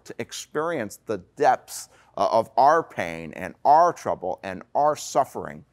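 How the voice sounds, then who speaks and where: Earnest man preaching a sermon. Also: mid-range voice. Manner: earnest preaching with dramatic slow pauses and fillers. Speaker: pastor.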